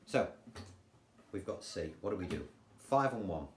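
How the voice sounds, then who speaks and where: An older man with an English accent, teaching guitar in a chatty, relaxed way and counting rhythms aloud. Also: sits low, normal speed, slight background noise. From England. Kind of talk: casual guitar tutorial. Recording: roomy sound with guitar playing.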